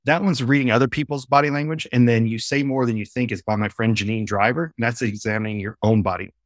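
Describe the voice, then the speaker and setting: Male podcast guest, eager storyteller, middle pitch, dry sound, video call. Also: fast, dry recording. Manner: animated storyteller, eager and explanatory. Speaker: podcast guest, face-reading trainer. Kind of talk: casual interview chat. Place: home office with a bookshelf.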